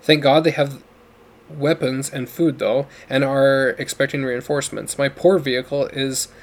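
A man voicing a gruff, commanding older father who talks in a booming, demanding way. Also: little pitch movement, moderate pace, natural voice. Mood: urgent, commanding.

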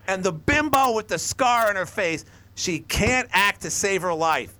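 A man hosting a call-in radio talk show, rambling and animated as he acts out lines from shows. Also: fairly high pitch, normal speed, few pauses.

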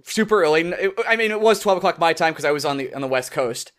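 A young man co-hosting a podcast, telling a story in casual chat and acting out quotes with a lively voice. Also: fast talker, smooth. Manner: animated, acts out quotes in higher voice. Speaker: podcast co-host.

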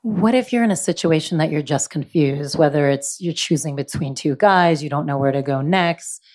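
A woman's voice: sits low, normal speed, darkish tone. A woman hosting a live event, interviewing a guest in a playful, chatty way. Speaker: host.

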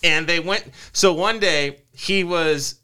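A man hosting a casual podcast, telling a story in an animated way, laughing and acting out quotes. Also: a little high, slow pace, clean tone. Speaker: podcast host.

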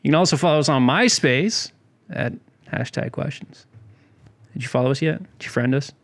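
Gravelly-voiced man co-hosting a podcast. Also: medium pitch, normal speed. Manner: dry, teasing, mock-snobbish. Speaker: podcast co-host. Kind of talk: casual podcast banter.

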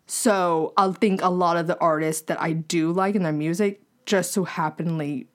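Young woman, lower voice, casual podcast co-host, chatty, laughs a lot. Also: fairly even intonation, moderate pace. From American South. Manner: chatty, laughs often, trails off and restarts. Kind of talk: casual chat.

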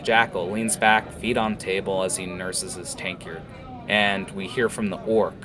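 A man narrating a fantasy tavern scene in a relaxed way, with fillers. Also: sits low, normal speed, a crowd in the background. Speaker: storyteller.

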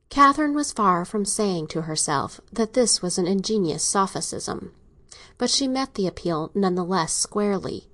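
An audiobook narrator reads a classic novel in a scripted, steady, and even storytelling style. Her voice is mid-range and moves at a moderate pace.

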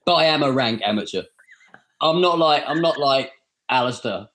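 A man with a trained, polished British received pronunciation accent talks casually and self-deprecatingly. His voice sits at an ordinary middle pitch and he tells stories in a loose, chatty way. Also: expressive, normal speed, fairly bright tone. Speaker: guest voice actor. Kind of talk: casual chat.

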